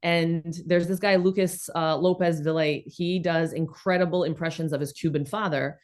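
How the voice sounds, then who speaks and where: A woman's voice: sits low, fairly even intonation, moderate pace, a little mellow. Blunt, emphatic woman with a New York accent. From former Soviet Union, raised in New York City. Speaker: guest, comedian and content creator. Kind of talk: casual interview chat.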